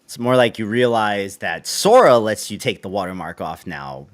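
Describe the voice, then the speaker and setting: A man's voice: on the low side, lively intonation, normal speed. A man hosting a casual tech livestream, rambling and correcting himself as he goes. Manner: rambling, self-correcting, soft asides. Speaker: show host. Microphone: webcam setup on a video call.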